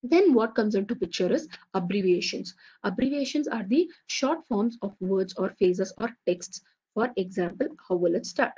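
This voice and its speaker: A woman teaches an online lecture, stopping often to check in with "okay". Her voice is mellow and a bit husky. The audio is dull and lo-fi. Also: mid-range voice, expressive, normal speed. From India. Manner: explanatory, repeats "okay" to check understanding.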